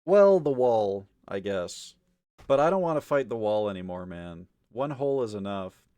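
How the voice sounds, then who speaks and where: A man streaming live, chatting casually with his viewers, swinging from mumbled asides to loud exasperated ranting, with lots of swearing. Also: on the low side, expressive, normal speed, clear, resonant tone, no room sound. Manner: profane, argumentative.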